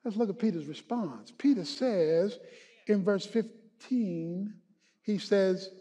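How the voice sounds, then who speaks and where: High, husky preacher man in echoing hall. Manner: swings from hushed, slow teaching to shouted, rising exhortation. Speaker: pastor. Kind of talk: sermon. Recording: long hall reverb.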